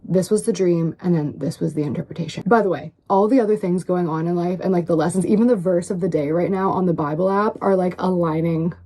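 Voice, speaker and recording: A woman's voice: on the low side, quick pace, hardly any pauses, warm tone. A woman earnestly recounting a long story, rambling and filling her talk with "like". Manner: rambling, heavy on "like". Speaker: online personality in a played clip.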